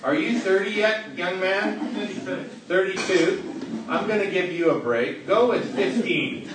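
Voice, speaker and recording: A man giving an interactive sermon to a live audience, playful and joking as he questions people in the room. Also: fairly high pitch. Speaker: preacher. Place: large hall with a live audience. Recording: echoey hall, distant, noisy.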